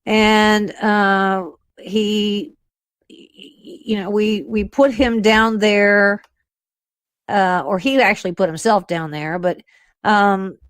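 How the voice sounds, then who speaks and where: A woman radio host speaking in animated, quick bursts, often pausing on fillers. Her voice is mid-pitched. It is recorded dry and close. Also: dry recording. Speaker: radio host and intelligence analyst. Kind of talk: casual talk radio.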